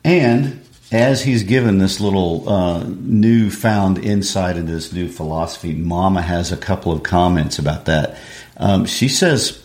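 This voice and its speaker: A man's voice: low-pitched, a little slow, a little mellow. A man, a literature teacher, discussing a play in a laid-back, affirming way. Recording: echoey room.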